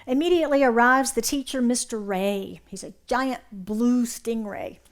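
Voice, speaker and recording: A woman minister giving a sermon, retelling a story with animated delivery and checking in with her listeners. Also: a little high, a little slow.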